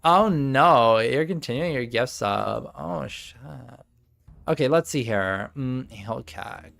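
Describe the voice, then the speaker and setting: A man's voice: medium pitch, expressive, slow, creaky, a bit bright. Man streamer in a put-on valley girl voice. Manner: joking, swearing, laughing often, in a put-on valley girl voice. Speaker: game master and streamer. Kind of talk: running a tabletop game on a live stream.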